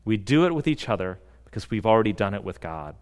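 A man with a fairly low voice delivers a sermon in a church sanctuary. He speaks earnestly and stresses key words, letting dramatic pauses hang. The sound carries a long, reverberant hall tail. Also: very animated. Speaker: pastor.

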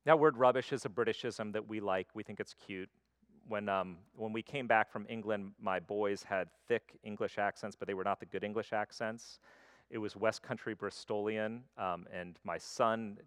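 A man preaching a sermon, swinging between loud emphasis and quiet, intimate stretches. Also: on the low side, no room sound, studio quality. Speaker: pastor.

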